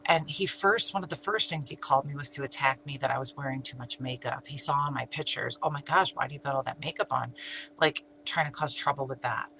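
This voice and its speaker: A woman's voice: low voice, low-quality recording. A middle-aged woman telling her own story in an emphatic, repetitive way, sometimes dropping to a whisper. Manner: emphatic, repeats herself, sometimes drops to a whisper. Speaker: channel host, abuse survivor. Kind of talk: personal storytelling. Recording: steady hum in background.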